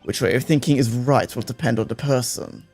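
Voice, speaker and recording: A man reading the lines of a composed, formal male prosecutor in a mystery game, measured and deliberate. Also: mid-range voice, creaky, darkish tone, slightly rough, soft background music.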